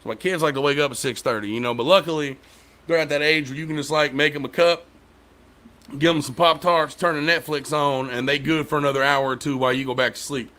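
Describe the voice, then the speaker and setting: A man's voice: a little high, steady tone, quick pace, bright, forceful tone. A young adult man, a father, chatting casually as a podcast host and telling loose, profane stories about his kids. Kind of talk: casual chat.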